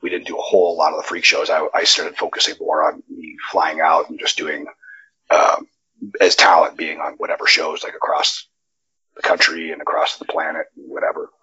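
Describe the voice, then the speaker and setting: A man guest on a wrestling interview, telling stories in a casual, profane and animated way, his pitch jumping up when he gets excited. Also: normal speed, breathy edge, lo-fi sound. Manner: animated, profane storytelling with sudden jumps in pitch. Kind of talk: casual storytelling chat. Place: Nevada.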